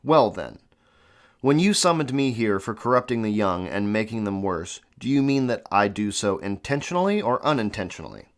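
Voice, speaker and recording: A man's voice: on the low side, sing-song, normal speed. A man reading a classic philosophical dialogue aloud, with an earnest, questioning delivery and the odd restart. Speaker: reader of classic texts.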